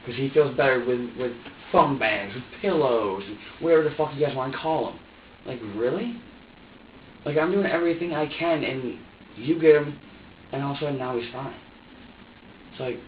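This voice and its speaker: Speaking a little fast in a mid-range voice, a suspect being interrogated by police goes on an agitated, profanity-laced rant. The room audio is dull and echoey from a distant mic, with a little hiss or hum.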